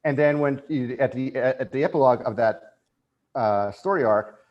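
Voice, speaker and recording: A man as a podcast guest in casual chat, speaking with excited, emotional enthusiasm. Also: mid-range voice, normal speed, lo-fi sound. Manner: emotional, excited fan, animated retelling.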